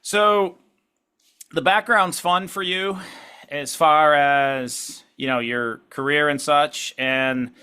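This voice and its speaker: A man hosting a podcast interview in casual chat, upbeat, laughing often and talking in quick bursts. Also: medium pitch, bright, forceful tone. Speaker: podcast host.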